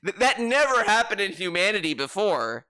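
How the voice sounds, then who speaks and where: A man's voice: high voice, very animated, normal speed, pushed and bright. Sarcastic, swearing man ranting. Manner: sarcastic, profane, exasperated. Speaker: commentary YouTuber. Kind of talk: ranting reaction commentary.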